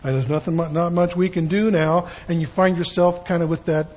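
A man's voice: a little high, steady tone, fairly quick, a little mellow, slightly rough, low-quality recording. An older man giving a folksy, conversational sermon with frequent asides. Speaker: preacher.

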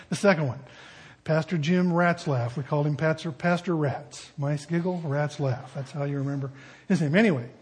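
A man's voice: fairly high pitch, moderate pace, darkish tone, husky. A man preaching a sermon as pastor, conversational with joking asides.

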